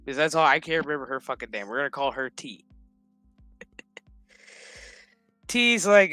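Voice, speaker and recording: A man's voice: a little high, lively intonation, a little slow, long pauses, pushed and bright, dry recording. A man streaming a casual episode recap, rambling and swearing freely, laughing often as he goes, with music playing behind him. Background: background music.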